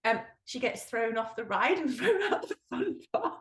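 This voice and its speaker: A woman's voice: on the high side, sing-song, normal speed, reverberant. A woman co-hosting a podcast in casual chat, telling a story with giggles and plenty of fillers. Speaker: podcast co-host.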